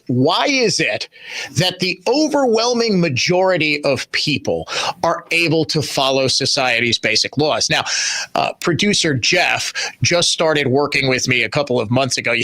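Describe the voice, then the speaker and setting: A middle-aged man hosts talk radio, pressing each point with emphatic repetition. His voice sits a little high and rings bright and forceful. The studio sound is close and dry. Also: dry recording. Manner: emphatic, repeats phrases for stress. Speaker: radio talk show host. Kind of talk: opinionated talk radio monologue.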